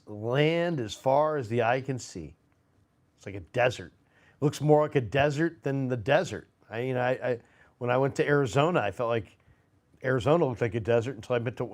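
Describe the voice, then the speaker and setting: A man hosting a live sports stream, chatting casually and rambling with fillers and restarts. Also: mid-range voice. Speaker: sports show host. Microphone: phone.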